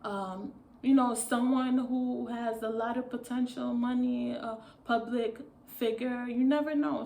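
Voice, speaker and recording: A woman's voice: a little high, gravelly, mellow, reverberant, a little hiss or hum. A woman talking casually to camera as a vlogger, rambling and restarting with many fillers.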